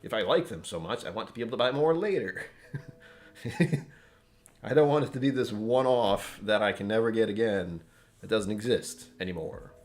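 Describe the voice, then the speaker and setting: Lively-voiced man hosting a home whiskey stream. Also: lowish voice, normal speed. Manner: rambling, joking, self-interrupting. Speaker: whiskey channel host. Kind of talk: casual live-stream tasting chat.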